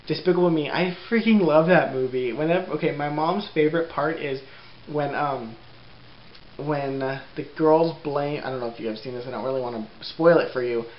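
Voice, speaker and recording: A young man vlogging at home in a casual, rambling way, laughing often and filling pauses with ums. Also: a little high. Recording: roomy, dull lo-fi sound with faint hiss.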